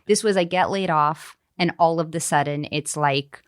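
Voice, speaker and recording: Low-voiced candid woman author. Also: moderate pace, no room sound, clean studio sound. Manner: open and self-mocking, laughing mid-sentence. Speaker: author guest. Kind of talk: candid podcast conversation.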